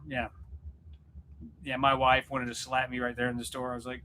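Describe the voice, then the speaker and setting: A man's voice: mid-range voice, fairly quick, bright, forceful tone. A man hosting a casual livestream for his channel, chatting in a rambling, jokey way and often stopping to restart his sentences. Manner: rambling, self-interrupting, joking. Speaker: YouTube channel host and musician. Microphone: computer setup at home.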